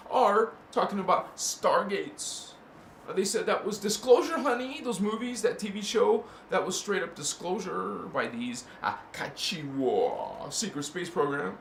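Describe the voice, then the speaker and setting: A man hosting a casual spiritual talk to camera, playful and slangy, swinging between loud bursts and hushed murmurs and chanting made-up syllables. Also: sits high, creaky. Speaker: spiritual channel host. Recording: echoey room with faint ambient noise.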